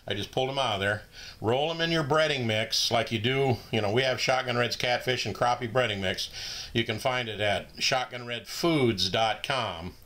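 A man's voice: mid-range voice, moderate pace, bright, forceful tone. A man hosting a casual how-to demonstration, talking in a folksy, down-home way while he works. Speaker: host demonstrating fish cleaning.

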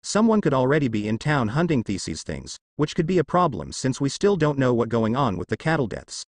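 A man voicing a gruff young male monster hunter who talks with a drawl in a fan story reading. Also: mid-range voice, sing-song, a little fast, dry recording, studio quality. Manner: drawling, menacing.

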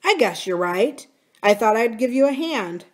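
A woman's voice: a little high, animated, normal speed, pitched above the performer's own voice, natural voice. A woman reading aloud and voicing an earnest, eager young farmer who speaks pleadingly.

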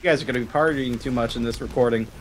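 A young man chatting on a voice call about rendering and uploading his videos, teasing the others in a relaxed way. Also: mid-range voice, rapid-fire, a crowd in the background. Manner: laid-back, teasing, swears casually. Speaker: gamer and video maker. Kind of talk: casual voice call chat.

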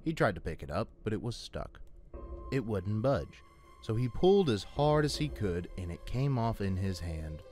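A man narrating a scary story in a hushed, suspenseful way. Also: fairly low pitch, big pitch swings, moderate pace. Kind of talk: scripted spooky storytelling. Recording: music under the narration.

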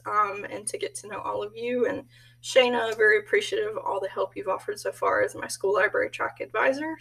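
Woman, casual self-introduction, chatty and laughing, husky tone, a little distant from the mic. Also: on the high side, fairly bright tone. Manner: chatty storytelling, laughs often. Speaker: graduate student introducing herself.

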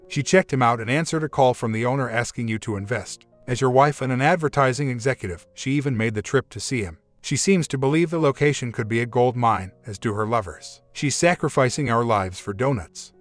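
A man narrates a scripted relationship story in a steady, measured way. His voice sits in an ordinary middle pitch. Soft music plays faintly beneath the reading. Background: faint background music.

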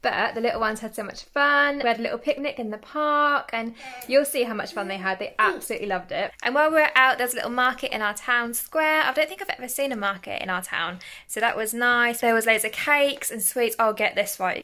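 A woman's voice: a little high, bright, forceful tone. A young mother chatting casually in a family vlog, giggly and talkative. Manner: chatty, giggly, sing-song with children. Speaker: vlogger mother.

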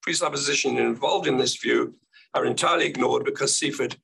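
An older man giving an academic keynote lecture, his voice croaky and gravelly, speaking thoughtfully with hesitant restarts. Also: mid-range voice, a little fast, fairly bright tone, a little hiss or hum, poor audio.

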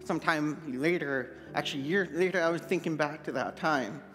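A man's voice: fairly high pitch, fairly quick, fairly bright tone, big-room sound, faint music behind. A man from Manitoba who speaks with a deaf accent, giving an earnest personal testimony as pastor in a sermon. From Manitoba, Canada. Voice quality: deaf speech, hard-of-hearing accent. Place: church sanctuary.

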